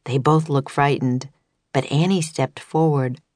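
A woman reading a children's storybook as an audiobook, in calm, even narration. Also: a bass voice, measured pace, no echo. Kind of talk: scripted narration.

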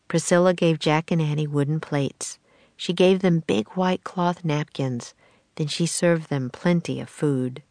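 Low, gravelly woman reading aloud. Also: no room sound. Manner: calm, even storytelling. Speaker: audiobook reader. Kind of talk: children's audiobook narration.

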